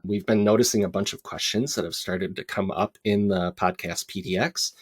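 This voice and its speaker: A man's voice: low voice, fairly even intonation, normal speed, slightly rough, no echo. A man hosting a podcast, chatting with light laughter and then reading out announcements steadily. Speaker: podcast host. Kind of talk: casual podcast chat with announcements.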